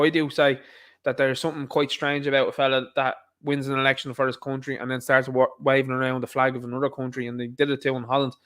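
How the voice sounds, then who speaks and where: A man's voice: medium pitch, a bit bright. A man with an Irish accent delivering an opinionated monologue, emphatic and repetitive, firing off rhetorical questions. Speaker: online commentator.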